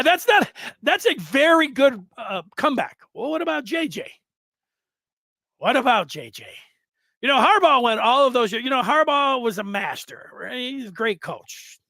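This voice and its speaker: This man in his fifties hosts a sports podcast, and his voice sits high with a sharp tone and no room sound. His casual commentary rambles along conversationally, full of asides and restarts.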